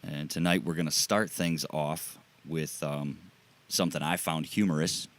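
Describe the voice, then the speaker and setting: A man hosting a casual podcast chat, easygoing and quick to laugh. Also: very deep voice. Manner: relaxed, easygoing, laughs often. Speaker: podcast host.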